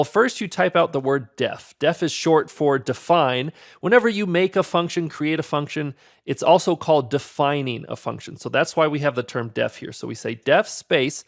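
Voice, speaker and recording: A man walks through a coding tutorial with easy, upbeat enthusiasm. His voice sits a bit high and has a gravelly, creaky edge. He talks it through conversationally, like a friendly instructor. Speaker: programming instructor. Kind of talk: screen-recorded coding tutorial.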